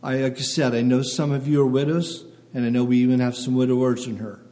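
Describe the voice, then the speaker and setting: A man's voice: medium pitch, little pitch movement, fast talker, dark tone. A man preaching a sermon to a congregation in short phrases, reading scripture aloud and checking in with listeners. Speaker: pastor. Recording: long hall reverb.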